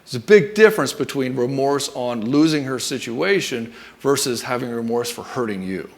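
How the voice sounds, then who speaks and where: A man's voice: mid-range voice, expressive, moderate pace. Blunt, profane man coaching husbands. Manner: blunt and profane, talks to the listener as "brother". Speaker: relationship coach. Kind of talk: direct-to-camera advice monologue.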